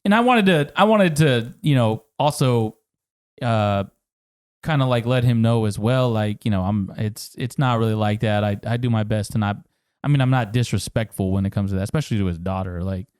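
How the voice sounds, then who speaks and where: A podcast co-host with a smooth, lowish voice talks fairly quickly, sharing funny stories in relaxed chat. His storytelling is animated, punctuated by frequent laughs and free use of profanity.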